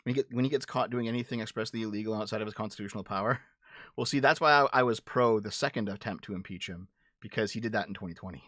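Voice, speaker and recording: A livestream host with a lowish, slightly bright voice talks fast over clean studio audio with no room sound. Answering his chat, he offers casual political commentary that is blunt and profane. Heated moments make him stumble, repeating and restarting his words.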